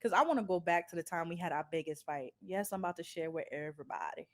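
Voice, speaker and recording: A woman co-hosting a casual podcast chat, telling stories in an animated, blunt way with frequent laughter. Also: on the low side, fast talker. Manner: animated storytelling, laughs a lot, blunt and profane. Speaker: podcast co-host.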